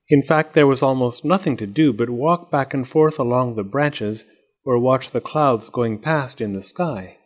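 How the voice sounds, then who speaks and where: A man narrates a picture book in a middle-pitched voice. His reading is measured, and its intonation rises and falls in a very animated way. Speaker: storyteller. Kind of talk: storybook read-aloud.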